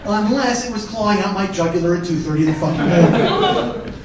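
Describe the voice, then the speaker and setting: A male comedian telling profane, animated stories on a theater stage, often laughing through his lines. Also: high voice, a little fast, noisy background. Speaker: stand-up comedian. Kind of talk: live one-man comedy storytelling. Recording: echoey hall from far off.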